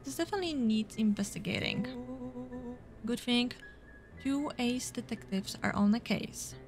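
A woman's voice: a little high, animated, moderate pace, faint music behind. A woman casually reading game dialogue aloud as a let's play host, with fillers.

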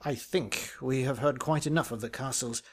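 A man's voice: mid-range voice, moderate pace, natural voice. A man voicing a stern, saturnine schoolmaster who speaks in a grating, querulous way.

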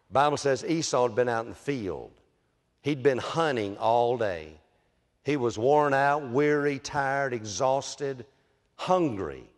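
A man with a drawl delivers a sermon from a church sanctuary, his voice carrying a long hall reverb. He retells scripture in a folksy, plainspoken way and calls his listeners "friend." His pitch sits in an ordinary middle range for a man. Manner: folksy storytelling preaching, addresses listeners as friend. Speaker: pastor.

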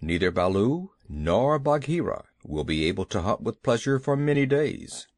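A proud, stern black panther, voiced by a male storyteller in a lowered, clipped tone with a lively pitch. It's a storybook reading with a dry, close sound. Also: normal speed, dry recording. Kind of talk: audiobook character voice.

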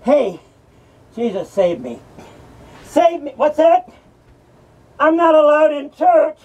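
Someone putting on a high gravelly madman from hell, cursing and taunting, sounds far off the mic. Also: very animated, slow pace, lo-fi sound, exaggerated voice. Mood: ranting taunting. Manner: ranting, taunting, cackling, profane. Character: mocking male madman host from hell. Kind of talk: horror persona rant.

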